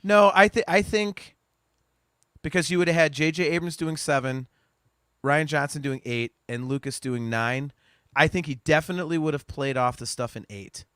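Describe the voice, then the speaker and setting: Casual, rambling and liberally profane, this podcast co-host keeps restarting his sentences. His voice is a little high, a bit bright and clean-toned, moving at a moderate pace, and the studio recording is clean with no echo.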